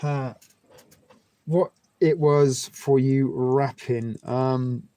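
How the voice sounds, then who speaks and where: A man's voice: mid-range voice, steady tone, extremely slow, mellow, dry recording. A man with an English West Country accent hosting a livestream, rambling through crude jokes with lots of fillers and restarts. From England. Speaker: livestream host. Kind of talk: casual chat with viewers.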